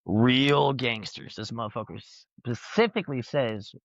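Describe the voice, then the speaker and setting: A man's voice: medium pitch, unhurried, gravelly, a bit bright, no echo. A man telling rambling, profane anecdotes in a casual podcast chat. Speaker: podcast host. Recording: dull lo-fi recording.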